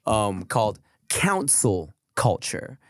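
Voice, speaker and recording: A man in his thirties co-hosting a podcast, his voice deep and husky from a sore throat, talking in laid-back slangy banter with frequent laughs. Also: very animated, slow pace, a bit bright, no room sound, clean studio sound. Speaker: podcast co-host. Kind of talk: casual podcast chat.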